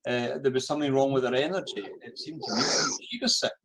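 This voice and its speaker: A man's voice: medium pitch, fast, noisy background. A man with a Scottish accent giving a lecture full of personal stories, often repeating a word while he looks for the next phrase. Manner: storytelling, acts out the voices of the people he quotes. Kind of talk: anecdotal lecture.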